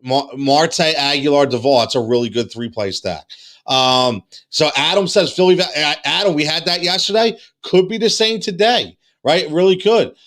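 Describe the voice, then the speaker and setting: A man hosting a fantasy sports live show, excitable and repetitive, with many fillers and restarts, saying he is losing his voice. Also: a little high, normal speed. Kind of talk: excited live-stream chat.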